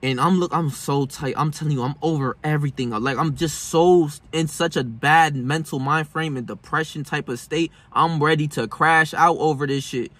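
A man's voice: on the high side, normal speed, hardly any pauses, a bit bright. A young man vlogging a personal story in casual, profane street slang, shifting between heated and subdued. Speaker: self-help vlogger.

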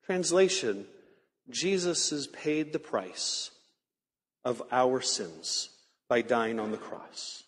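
A man preaching a sermon in earnest storytelling fashion, slowing down to stress key words. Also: medium pitch, lively intonation, breathy edge. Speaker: pastor. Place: large church sanctuary. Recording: long hall reverb.

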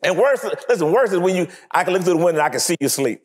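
Animated high-voiced male preacher. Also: rapid-fire. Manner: animated, acts out scenes, laughs often. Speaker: pastor. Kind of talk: sermon.

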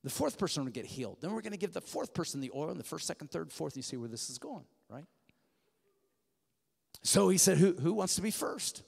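A man preaching a sermon, telling a story animatedly and swinging from hushed to loud. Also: on the high side, very animated, fairly quick, gravelly, slightly rough. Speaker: guest preacher. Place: church sanctuary. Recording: church hall reverb.

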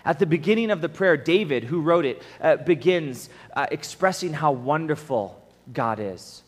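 A young man's somewhat high voice rings through a large camp hall with a long trailing reverb. He preaches in a casual, earnest way, talking through ideas and checking in with his listeners. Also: animated, moderate pace. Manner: earnest, acts out prayers in quoted voices, asks the room "right?". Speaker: camp speaker. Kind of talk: casual conversational sermon.

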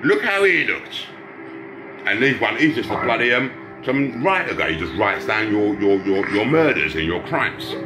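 A man's voice: on the low side, lively intonation, normal speed. A man, vlogging into a handheld phone and rambling in an agitated way. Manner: agitated, rambling, with sudden jumps up and down in loudness. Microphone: phone held in hand. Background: TV show playing with music.

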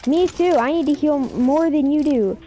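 Hyped young woman gaming, high voice, spams commands, loud game sounds behind. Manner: excitable, shouts rapid repeated commands. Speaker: gamer. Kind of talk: excited gameplay chatter. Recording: noisy game audio behind.

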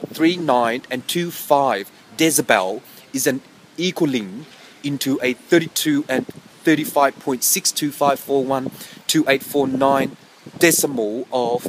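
A man rambles outdoors, piling up technical-sounding jargon and breaking off to correct himself mid-phrase. His voice sits at an ordinary middle pitch. Faint wind and passing traffic hiss under the recording. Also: poor audio. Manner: rambling, self-correcting, meows between phrases. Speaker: vlogger. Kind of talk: rambling pseudo-technical monologue.

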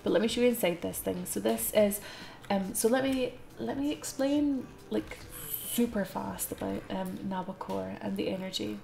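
A young Scottish woman chatting through a live game stream, giggling often and bubbling over between calmer stretches of explaining. Her voice sits in an ordinary middle pitch with a noticeable gravelly fry. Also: moderate pace.

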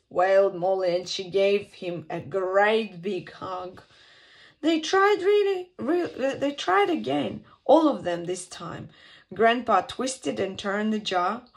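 At storytime, a woman with a medium-pitched voice reads a children's picture book aloud, using an expressive, sing-song delivery with dramatic pauses.

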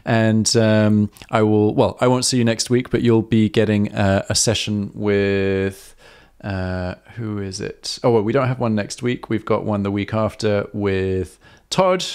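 A man's voice: on the low side, fairly even intonation, unhurried, a little mellow, smooth. A man hosting a live harmonica Q&A, explaining techniques in a chatty way, full of ums and self-corrections. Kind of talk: casual live-stream teaching.

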